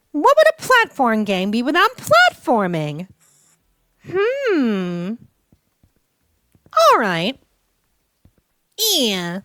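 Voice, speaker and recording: A woman's voice: a little high, fairly bright tone, no room sound, studio quality. A young woman playing through a game with playful, theatrical, teasing commentary. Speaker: gaming streamer. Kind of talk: let's play commentary.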